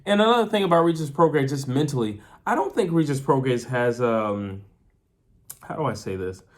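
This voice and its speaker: A man's voice: mid-range voice, lively intonation, normal speed. Man chatting through a fight breakdown. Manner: chatty, repeats and restarts often, uses filler like "you know". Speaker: boxing commentator.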